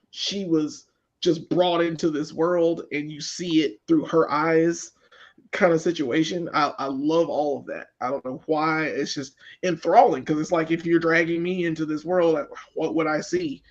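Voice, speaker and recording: Man, higher voice, rambling group-chat reviewer; muffled lo-fi recording. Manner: rambling, repeats words, enthusiastic. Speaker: podcast co-host. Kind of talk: casual movie review chat. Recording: dull lo-fi sound.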